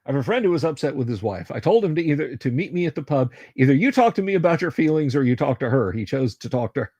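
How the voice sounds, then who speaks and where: Brief: male stream host, mid-pitched, joking and rambling, dry close mic. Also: lively intonation, fast talker, darkish tone, dry recording. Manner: rambling, jokey, laughs often. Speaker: livestream host. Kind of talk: casual chat.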